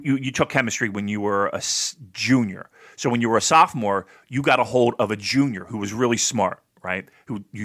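A man from New Jersey co-hosting a podcast, telling stories in a swearing, laugh-filled, casual way. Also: mid-range voice. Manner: animated, swearing, storytelling, laughing often. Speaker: podcast host.

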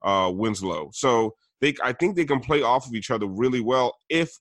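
A man co-hosting a sports podcast, talking hesitantly and pausing often with ums and uhs. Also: mid-range voice, animated, a bit bright, no echo, studio quality. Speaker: podcast co-host. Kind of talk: casual sports chat.

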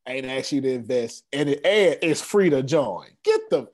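Male presenter, hype pitch style, husky and animated, video-call mic. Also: normal speed. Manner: excitable, repeats phrases, casual slang. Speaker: presenter of an online business meeting.

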